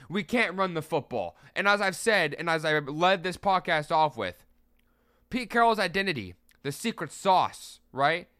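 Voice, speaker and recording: A young man hosts a solo sports podcast in a bright, forceful voice that sits a little high for a man. He talks bluntly and with emphasis, swearing freely. His speech comes through smooth and clear in a dry, close sound. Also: dry recording. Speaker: podcast host.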